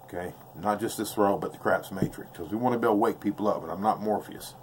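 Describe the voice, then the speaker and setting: Heard only off camera with his face never shown, a man with a fairly low pitch talks fast, with a bit of hiss or hum in the background. He's a craps dice-control instructor giving a blunt, intense, slangy, casual lesson on throwing dice and repeating his points.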